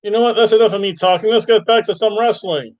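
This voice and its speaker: A man's voice: high voice, fast, poor audio. A man hosting a wrestling review podcast, chatting casually and thinking aloud, often restarting his sentences. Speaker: podcast host.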